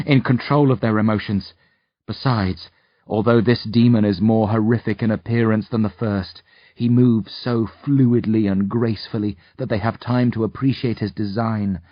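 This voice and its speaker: A man narrating an audiobook in the first person, in a measured, steady storytelling manner. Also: fairly low pitch, no echo, lo-fi sound.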